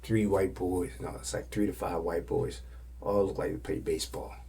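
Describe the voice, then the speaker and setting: A man hosting a podcast, telling stories casually in loose slang and often dropping to a hushed whisper. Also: low-pitched, steady tone, moderate pace, vocal fry, a little hiss or hum. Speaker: podcast host. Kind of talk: casual storytelling.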